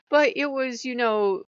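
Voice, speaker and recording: A woman's voice: high voice, smooth, dry recording. A woman vlogger casually telling a rambling story, acting out remembered conversations in quotes. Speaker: spiritual vlogger. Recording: dull lo-fi dry sound.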